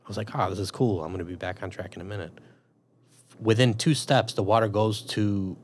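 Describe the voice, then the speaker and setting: A little fast and with a lowish voice, the Chicago army veteran and police officer recounts a long story in a relaxed interview, with a little hiss or hum in the audio. He curses freely and dramatizes what went through his head at the time.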